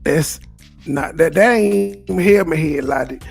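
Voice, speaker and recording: A man's voice: on the high side, moderate pace, creaky, husky, soft background music. A man live-streaming commentary on clips in a wry, mocking, argumentative way.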